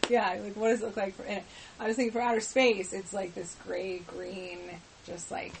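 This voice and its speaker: A woman at a mid pitch chats in a laid-back, giggly way, letting sentences trail off. A faint hiss sits under the recording. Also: little pitch movement, moderate pace, creaky, rough recording. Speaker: podcast co-host. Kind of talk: casual chat.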